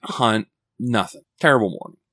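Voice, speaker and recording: A man's voice: on the low side, moderate pace. A man telling a rambling, profane story on a casual podcast, laughing as he goes and filling his talk with "like" and "right?". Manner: animated, full of fillers like "like" and "right?".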